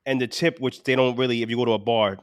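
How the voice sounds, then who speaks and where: New york dude on a sports podcast, blunt, keeps repeating himself, dry mic. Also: male voice, mid-range voice, steady tone, fast, clean tone, no room sound. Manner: blunt, repetitive griping. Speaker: podcast co-host. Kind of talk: casual sports podcast chat.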